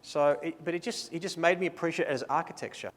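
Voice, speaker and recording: A man's voice: a little high, fast talker, in a large hall. An Australian man presenting a photography seminar in a casual, enthusiastic, playful way, mixing talk with live posing directions.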